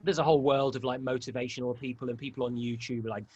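An English man chatting casually as a guest, a lively storyteller who slips into comic voices. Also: mid-range voice, fast, husky, no echo. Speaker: DJ and producer guest. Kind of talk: casual podcast chat.

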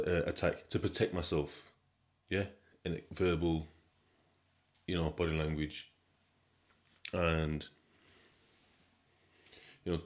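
A man with a very deep, low voice talks through a casual solo podcast monologue. His storytelling is animated and slang-heavy, full of repetition, and it jumps between quiet asides and loud bursts. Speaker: podcast host.

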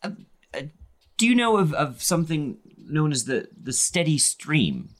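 A man's voice: fairly high pitch, big pitch swings, measured pace. A man playing a tabletop game, talking hesitantly with stammers. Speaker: player.

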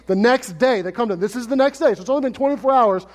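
Male pastor, expressive sermon delivery, high voice, long church reverb. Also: rapid-fire. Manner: expressive preaching, acts out quoted lines in lively paraphrase.

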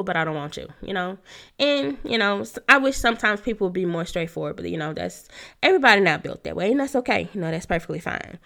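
A woman's voice: on the low side, fairly bright tone. A young woman hosting a casual solo talk on dating, chatty and laughing often, her nose stuffed up. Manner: chatty, laughs often, says "you know" a lot. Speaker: podcast host giving dating advice.

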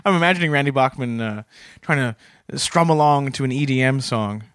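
A man co-hosting a comedy podcast in earnest, mild banter with a quick chuckle. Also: mid-range voice, fairly bright tone, smooth, dry recording, studio quality. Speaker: podcast co-host.

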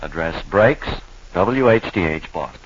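A man's voice: deep voice, expressive, measured pace, a little hiss or hum. A man doing mock play-by-play announcing on a 1940s radio comedy, with earnest patter and dry replies. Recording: dull old radio broadcast recording.

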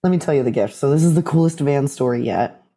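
A guest in a casual interview tells stories with animation, acting out the voices of the people involved. The voice is medium in pitch and the pace is quick.

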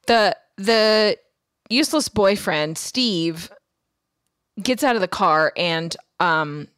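A woman co-hosting a podcast in casual chat, recapping a plot in detail with quick asides. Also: mid-range voice, animated, a bit bright, smooth, no room sound, clean studio sound. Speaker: podcast co-host.

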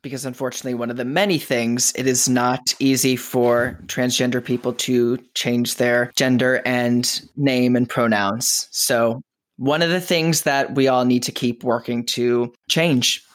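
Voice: medium pitch, level tone, measured pace. A podcast host interviewing a guest, effusive and encouraging.

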